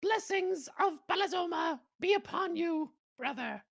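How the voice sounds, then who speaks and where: A reedy, doddering old gnome wizard. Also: male voice, lively intonation, unhurried, gravelly, a bit bright, no echo, clean studio sound, heavily acted. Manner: high, thin and airy, forgets his own name.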